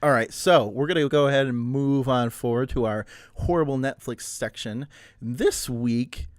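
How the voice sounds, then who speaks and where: A man's voice: mid-range voice, moderate pace, no echo, studio quality. A man co-hosting a casual podcast, joking and laughing often as he chats. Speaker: podcast co-host. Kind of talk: casual chat.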